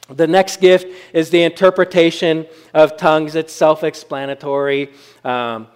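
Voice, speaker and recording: A man's voice: mid-range voice, clear, resonant tone. A man preaching a sermon as pastor, in a conversational style with frequent fillers and check-ins with the congregation.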